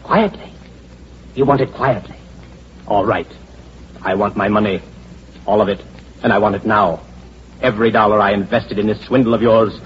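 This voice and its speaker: A man's voice: lowish voice, steady tone, moderate pace, long pauses, slight background noise, natural voice. An actor playing a desperate, furious male investor demanding his savings back, in 1940s radio acting on a dull lo-fi old radio recording. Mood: angry. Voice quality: tense, demanding. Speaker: swindled stockholder.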